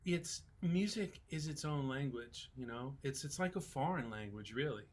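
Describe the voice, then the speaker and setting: A man in his sixties, a songwriter on a festival panel, telling relaxed, folksy stories in casual talk. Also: medium pitch, moderate pace.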